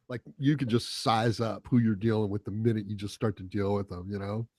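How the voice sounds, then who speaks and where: A man's voice: on the low side, steady tone, a little fast, hardly any pauses, a little mellow, dry recording, studio quality. A man hosting a casual solo podcast, rambling and profane, chuckling often as he talks. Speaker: podcast host.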